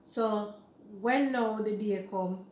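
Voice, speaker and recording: A woman's voice: mid-range voice, takes it slowly, slight background noise. Jamaican woman telling a story in an echoey room. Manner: chatty, animated retelling in Jamaican Creole. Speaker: vlogger. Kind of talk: casual storytelling chat.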